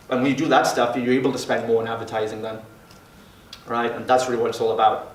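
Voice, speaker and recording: A man's voice: medium pitch, little pitch movement. Cocky guy swearing a lot, echoey room, mic kinda far off. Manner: brash, profane, fast-talking. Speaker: fitness business mentor. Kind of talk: mastermind group talk. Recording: roomy sound from a distant mic.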